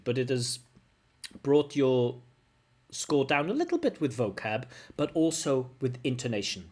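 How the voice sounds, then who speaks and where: A man's voice: mid-range voice, darkish tone. A man, an IELTS examiner, giving frank spoken feedback on a candidate's answers and humming syllables to show intonation. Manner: frank, corrective, demonstrates intonation with hummed syllables. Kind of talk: recorded feedback lesson.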